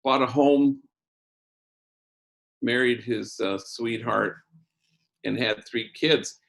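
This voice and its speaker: A man who is a priest, telling a story in a talk with lively swings in pitch and loudness. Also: slow pace, vocal fry.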